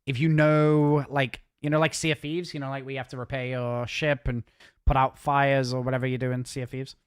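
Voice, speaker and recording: This streamer speaks with a northern English accent, being from the north of England, and keeps things casual and jokey while gaming live. He talks quickly with lots of restarts, in a smooth, level voice of medium pitch.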